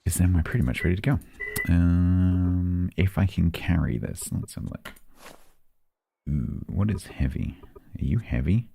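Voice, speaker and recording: A man's voice: deep voice, a little slow, creaky, long pauses, warm tone, a little hiss or hum. A man streaming a role-play game, chatting casually and mumbling to himself with playful asides.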